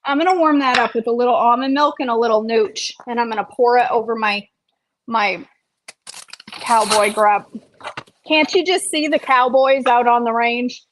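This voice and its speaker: A woman's voice: on the high side, fairly even intonation, normal speed, noisy background. A woman health coach chatting playfully while she eats on a casual livestream, with self-deprecating jokes. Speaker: health coach and vlog host.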